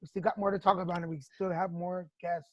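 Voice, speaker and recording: A woman's voice: fairly low pitch, level tone, quick pace, highs cut off, a crowd in the background. A woman hosting a podcast, telling personal stories frankly with swearing and laughter. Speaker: podcast host. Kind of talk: candid casual chat.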